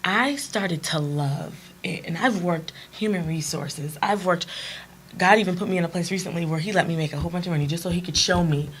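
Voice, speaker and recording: A young woman, a guest on an interview show, telling stories about her catering business in an outgoing, lively way. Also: lowish voice, a little fast, slight background noise. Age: young adult. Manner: outgoing, animated storyteller. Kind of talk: interview storytelling.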